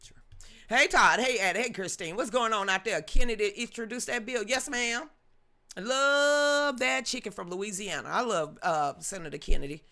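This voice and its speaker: A bright, forceful woman's voice rants bluntly at her viewers, full of slang, mild cursing and sass. She hosts a casual live-stream, reading chat comments and firing back. Her talk is loose and conversational, and she presses hard on each point. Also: on the high side, normal speed. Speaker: host of a live-streamed news commentary show.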